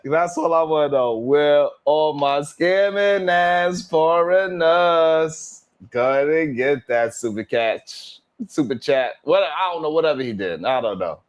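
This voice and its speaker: A man's voice: a little high, lively intonation, unhurried. Laughing, rambling male livestream host. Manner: laughing, rambling, lots of slang and swearing. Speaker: livestream host reading chat. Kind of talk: casual livestream chat.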